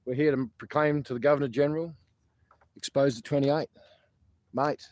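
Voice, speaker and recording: An Australian man hosts a casual livestream outdoors at a protest site, rambling, chatting, swearing freely and laughing often. His voice is medium-pitched and a little mellow, with a steady tone and normal speed.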